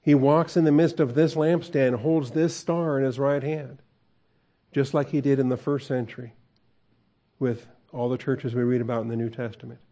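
A man's voice: medium pitch, steady tone, moderate pace, mellow. A man preaching a conversational verse-by-verse sermon as a pastor, asking the congregation questions and chuckling often.

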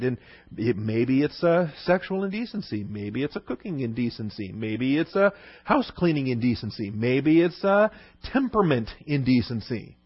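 A man's voice: medium pitch, sing-song, normal speed, husky, no room sound, highs cut off. A man teaching a Bible lesson in a conversational sermon style, often asking the listeners "okay?". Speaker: pastor.

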